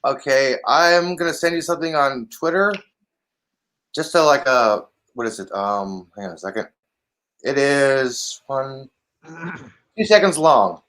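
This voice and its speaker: A man chatting casually on a stream, halting and stumbling through his sentences. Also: medium pitch, fairly bright tone. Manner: halting, filler-heavy. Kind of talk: casual chat on a livestream.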